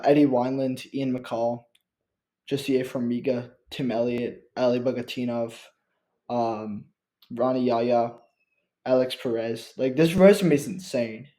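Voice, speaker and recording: A man hosting his own channel, talking through a ranking list in one casual take, halting often with fillers and restarts, recorded on a built-in computer mic. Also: mid-range voice, dark tone. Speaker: channel host.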